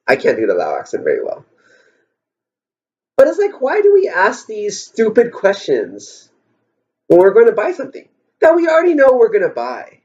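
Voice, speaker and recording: A man's voice: very high voice, wildly swooping pitch, fairly quick, a little mellow. A man vlogging in a rambling, wry storytelling style, musing aloud and asking rhetorical questions, on a dull lo-fi recording. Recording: dull lo-fi sound.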